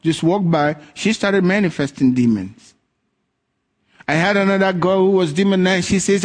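A man's voice: high-pitched, moderate pace. A man preaching a sermon, telling stories with energy and acting out the voices of the people in them. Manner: animated storytelling, acting out quoted voices. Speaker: pastor.

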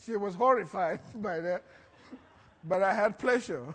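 A man preaching a sermon, telling stories with lively acted-out quotes and frequent laughter. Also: high-pitched, a little slow, husky, long reverb tail. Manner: animated storytelling, acts out quotes, laughs often. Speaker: pastor.

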